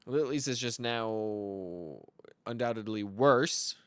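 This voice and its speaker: A young man commenting on his own card game match, telling deadpan, absurd tall tales between plays. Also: fairly low pitch, slow pace, smooth, no echo. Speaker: card game content creator. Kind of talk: joking commentary over gameplay.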